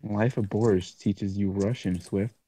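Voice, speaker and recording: A man on a casual gaming podcast, teasing the host with quick quips. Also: fairly low pitch, steady tone, mellow.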